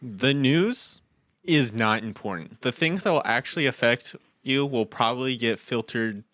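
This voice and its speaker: A young man co-hosting a podcast, chatting casually in an animated, rambling way with frequent laughs. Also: mid-range voice, measured pace, no room sound, studio quality. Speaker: podcast co-host. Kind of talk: casual chat.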